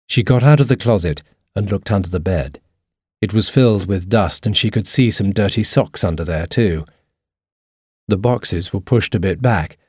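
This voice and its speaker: A man narrating a storybook in a steady, even reading voice. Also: low voice, no echo, studio quality.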